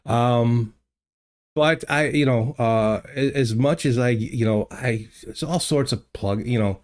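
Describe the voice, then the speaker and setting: A mid-range, slightly mellow voice moves slowly as an older man chats with livestream viewers from his home studio. He rambles, using many fillers and restarting often, and talks into a desk microphone.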